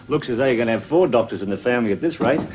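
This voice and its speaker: A man's voice: medium pitch, lively intonation, fast talker, a little mellow, a little hiss or hum, lightly acted. An actor with an Australian accent playing a joking middle-aged uncle and wheeler-dealer who laughs through his brash banter. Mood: chatty.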